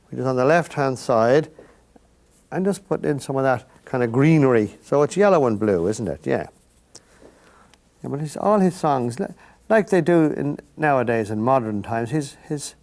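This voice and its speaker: Speaking in a medium-pitched, darkish voice, an older Irish painting host talks to his viewer during a lesson. He works as he goes, filling the time with rambling, folksy remarks.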